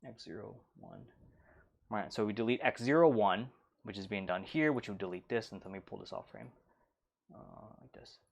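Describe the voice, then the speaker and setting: A man's voice: on the low side, very animated, moderate pace, vocal fry. A man teaching a programming lesson in a casual, loose way, full of fillers and playful sound effects. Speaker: instructor. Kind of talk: casual whiteboard lecture.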